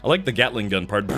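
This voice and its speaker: A man's voice: fairly low pitch, creaky, pushed and bright. A man hosting a live stream in casual chat, tired, rambling through stories and making mouth sound effects.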